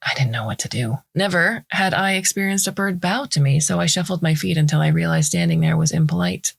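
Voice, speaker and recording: A woman narrating a first-person story in a measured, wry way. Her voice is low and gravelly, with a husky grain, recorded dry and close with no room sound. She keeps an even storyteller's pace. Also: no room sound. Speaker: story reader. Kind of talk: scripted narration.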